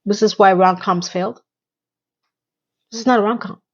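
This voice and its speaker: A woman's voice: medium pitch, fairly even intonation, moderate pace, dull audio. A woman giving a casual recap of a TV episode, with blunt, exasperated commentary and words she repeats for emphasis. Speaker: TV recap reviewer.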